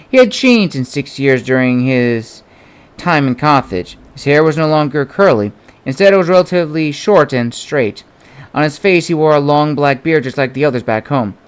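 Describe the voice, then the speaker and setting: A man with a smooth voice on the high side narrates an audiobook of his own novel. He reads steadily, giving each character a small shift of voice.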